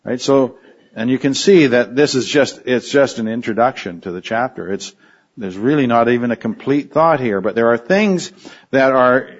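A man's voice: medium pitch, muffled recording. A man preaching an expository sermon in a conversational way, often stopping to restart his sentences.

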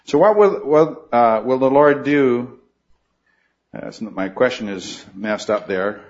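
Male Bible study teacher, mid-pitched, earnest, quizzes the class, muffled lo-fi recording. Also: a little slow, a little mellow. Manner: earnest, questioning the class, frequent restarts.

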